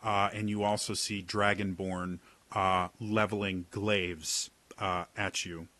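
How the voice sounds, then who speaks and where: Slow, bright-voiced man running a game. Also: fairly low pitch, flat delivery, no echo. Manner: unhurried, filler-heavy, descriptive. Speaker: game master. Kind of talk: narrating a tabletop game.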